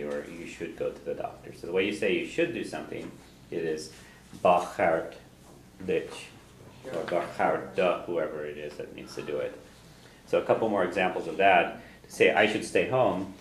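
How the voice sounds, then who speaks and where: A man teaching a language class, patiently explaining and repeating phrases for his students, chuckling now and then. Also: deep voice. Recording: roomy classroom echo, faint noise.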